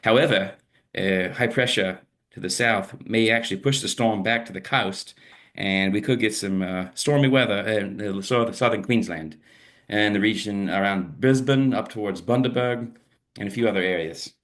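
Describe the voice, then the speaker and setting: A jaunty weather presenter in an unconvincing mock Australian accent, put on by a man. The voice sits somewhat higher than his usual low tone, and the imitation slips and wobbles. He rambles easily through a casual forecast. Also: normal speed, a bit bright, natural voice. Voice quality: self-admittedly weak, uneven accent imitation. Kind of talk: informal weather forecast commentary.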